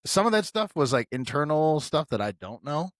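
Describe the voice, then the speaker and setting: A man co-hosting a casual podcast chat, telling stories with animated quoted voices and saying "bro" a lot. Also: a little high, moderate pace, dry recording, studio quality. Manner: animated storytelling, mimics quotes, says "bro" often. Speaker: podcast co-host.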